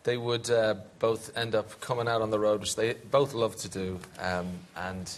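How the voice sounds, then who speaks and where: A man, a guest musician on a chat show, answering hesitantly with many pauses and fillers. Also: lowish voice, flat delivery, a little hiss or hum.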